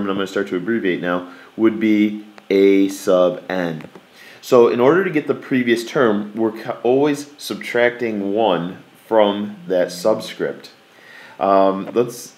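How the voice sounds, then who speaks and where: Low-voiced man teaching math. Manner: folksy, repeats key words for emphasis. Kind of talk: classroom lecture.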